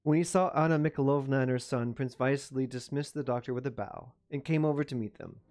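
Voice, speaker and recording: A man's voice: medium pitch, quick pace, darkish tone. A man reading a classic novel aloud on a live stream, breaking off for chatty, self-mocking asides. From United States.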